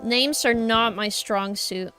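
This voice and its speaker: Young woman art streamer, unhurried and a little high, chatty and apologetic with chat, soft music underneath. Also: smooth. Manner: chatty, apologetic, talks to chat while sketching. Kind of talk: casual live-stream chat while drawing.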